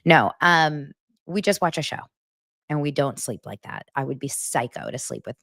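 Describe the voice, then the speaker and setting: A woman's voice: sits low, moderate pace, fairly bright tone, no echo, clean studio sound. A woman in her forties hosting a casual livestream chat, laughing often and reading viewer comments aloud. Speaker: livestream host.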